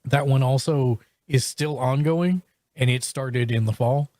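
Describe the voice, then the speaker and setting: A man hosting a casual podcast, talking at an ordinary middle pitch. He stumbles through restarts and fillers as he reviews shows. His voice is recorded close and dry, with no room sound. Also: darkish tone, dry recording. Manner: halting, full of restarts and fillers. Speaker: podcast host.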